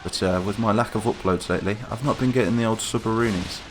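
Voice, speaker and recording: A man hosting casual, chatty game commentary, getting excited and calling out to the troops as he plays. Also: fairly low pitch, quick pace, background noise. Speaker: gaming channel host. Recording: game gunfire and explosions behind voice.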